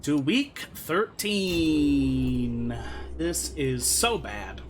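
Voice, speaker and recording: A man's voice: fairly high pitch, lively intonation, drawn-out words, faint music behind. A young man streaming a strategy game, commenting in a loose, exasperated way with lots of swearing. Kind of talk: let's-play commentary.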